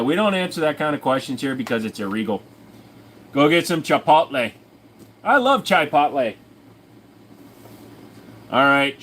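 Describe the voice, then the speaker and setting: A man's voice: medium pitch, a bit bright, a little hiss or hum. A man hosting a casual livestream from home, answering chat questions in a crude, jokey way and often breaking into silly voices. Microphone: desk microphone.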